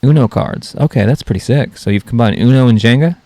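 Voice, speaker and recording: A man's voice: medium pitch, brisk, warm tone, no echo. A man hosting a comedy podcast, rambling through off-color jokes and poking fun at himself. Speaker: podcast host.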